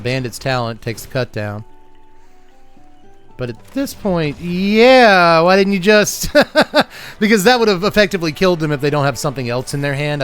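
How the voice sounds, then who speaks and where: A man hosting a card game channel, giving wry, joking gameplay commentary and chuckling often. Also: medium pitch.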